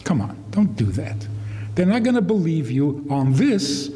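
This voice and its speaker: A man's voice: a little high, sing-song, a little slow, mellow. A man giving a humorous storytelling lecture to an audience as a rabbi, wry and laughing at his own anecdotes. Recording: long reverb of a hall.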